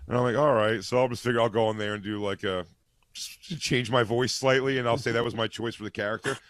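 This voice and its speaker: A man's voice: medium pitch, fairly even intonation, quick pace, a bit bright, no room sound. Man telling a self-deprecating story. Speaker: comedian guest. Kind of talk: animated storytelling.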